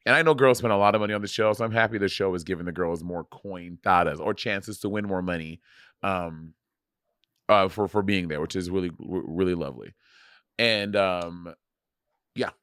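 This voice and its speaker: A man co-hosting a podcast in casual chat, playful and quick to laugh. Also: sits low, a bit bright, clean tone, dry recording, clean studio sound. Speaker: podcast co-host.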